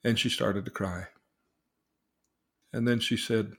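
A man, a therapist, telling a client's story in casual conversation and acting out the quoted lines. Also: slow pace. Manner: animated, acts out quoted dialogue with rising pitch. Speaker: therapist, podcast host.

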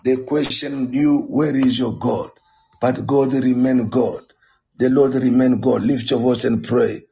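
A male pastor giving a morning sermon and prayer, slow and deliberate, repeating his phrases. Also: mid-range voice, steady tone, creaky, dark tone.

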